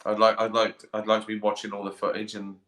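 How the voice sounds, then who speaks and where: A sleepy middle-aged man rambles and swears through a casual live stream, chuckling as he goes. His voice is bright and forward. The sound bounces around a tiled bathroom. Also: fairly low pitch, completely flat delivery, fast. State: tired and sleepy. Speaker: comedian hosting a live stream. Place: in a bath, bathroom. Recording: echoey bathroom.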